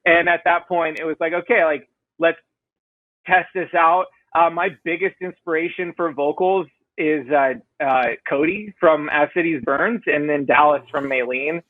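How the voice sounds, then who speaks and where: A man's voice: a little high, steady tone, moderate pace, no room sound, phone-quality sound. A man being interviewed on a podcast as a band vocalist, talking in a rambling, self-deprecating way with many fillers. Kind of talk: casual interview chat.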